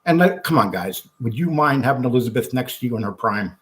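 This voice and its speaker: A man being interviewed, telling a long story in an animated, blunt way, acting out what others said and swearing freely. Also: mid-range voice, quick pace. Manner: animated storyteller acting out quotes, frequent restarts. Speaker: guest.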